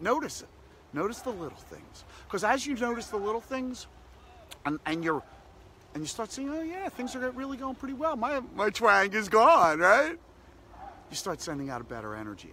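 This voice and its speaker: A man's voice: on the high side, bright, forceful tone, slight background noise. A man hosting a daily positivity practice, giving an upbeat, repetitive motivational talk that keeps circling back to short slogans. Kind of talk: motivational self-help talk.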